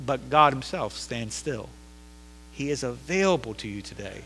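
A male pastor preaching a sermon, emphatic and repetitive, swinging between loud declarations and hushed lines in a church sanctuary. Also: mid-range voice, very animated, a little fast. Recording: long hall reverb.

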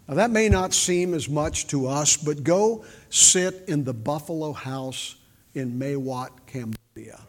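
An older man giving a sermon with folksy storytelling, shifting from loud emphasis to quiet, intimate moments. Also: on the high side, a little slow. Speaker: preacher. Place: large church hall. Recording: reverberant church hall.

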